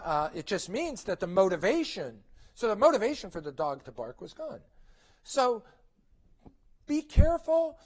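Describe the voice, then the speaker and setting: A man's voice: high-pitched, darkish tone. A middle-aged man presenting at a conference, lecturing parents in a conversational way, often asking rhetorical questions and checking in with "okay?".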